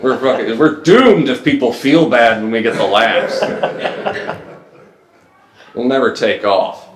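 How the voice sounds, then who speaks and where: A man hosting a podcast, telling stories in a deadpan, mock-grandiose way in casual comedic chat. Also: mid-range voice, a little slow, a crowd in the background. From Mississippi, US. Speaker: podcast host. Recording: echoey room.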